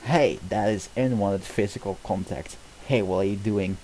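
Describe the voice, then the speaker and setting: A jittery male talking donkey, read out by a man, protesting in a flustered rush and tripping over his lines. The voice sits fairly low, close to the reader's own, with a faint hiss behind it. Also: moderate pace, a little mellow, lightly acted, rough recording. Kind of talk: reading a film script aloud.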